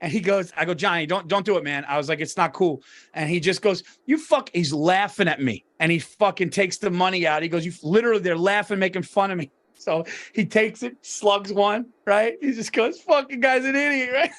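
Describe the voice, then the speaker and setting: Guy on a podcast, pretty high voice, rambles thru stories, cracks himself up, swears a bunch. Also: a little fast, a bit bright. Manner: rambling storyteller, laughs through stories, swears a lot. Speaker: podcast co-host. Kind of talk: casual chat.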